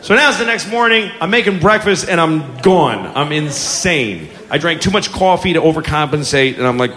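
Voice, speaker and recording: Exasperated stand-up comic in his forties, profane, animated, live noisy room. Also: fairly high pitch, fairly quick, hardly any pauses, big-room sound. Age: 40s. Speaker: stand-up comedian. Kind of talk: stand-up comedy. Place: comedy club stage. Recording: live audience laughter, noisy club.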